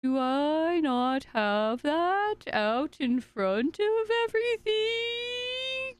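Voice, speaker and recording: A woman's voice: extremely high pitch, sing-song, very slow, no echo. A woman streamer chatting casually to her viewers while fumbling through her stream settings. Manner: scattered, talking to herself and chat while searching settings. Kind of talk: casual live-stream chat.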